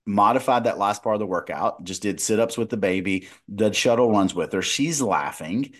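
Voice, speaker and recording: A man in his thirties, a dietitian who co-hosts a podcast, chats casually in a lowish voice at a normal pace. He tells a story with many restarts.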